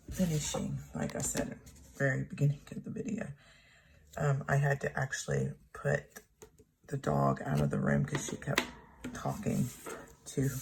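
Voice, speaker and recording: A woman in her thirties telling a personal story at home in a rambling, halting way, often correcting herself. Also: very deep voice, gravelly, slight background noise. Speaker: planner vlogger. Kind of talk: casual storytelling while journaling. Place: home room.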